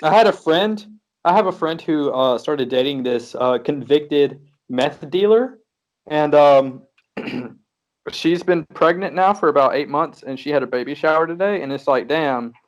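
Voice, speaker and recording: A man's voice: a little high, expressive, measured pace. A man in casual podcast chat, joking crudely with his friends.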